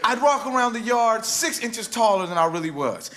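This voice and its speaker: A man, a rapper telling a spoken-word story in a rhythmic, wry way with dramatic pauses. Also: high voice, expressive, crowd noise. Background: guitar music.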